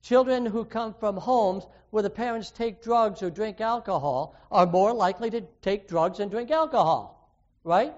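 A man with a high voice preaches a sermon, throwing questions at his listeners and leaning hard into key words. The recording is dull and lo-fi. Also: expressive, normal speed. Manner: earnest, questioning, with sudden emphatic rises.

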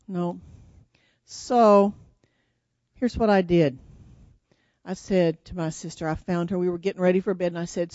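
A woman tells a children's story at church in an animated, questioning way, drawing the kids in. The recording is dull and lo-fi, with a dry, close sound. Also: lowish voice, a little slow, long pauses, dry recording.

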